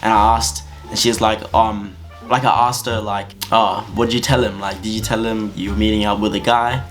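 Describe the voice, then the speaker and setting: A man telling a story-time anecdote in an animated, slangy, casual way. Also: fairly low pitch, moderate pace, faint music behind. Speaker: vlogger.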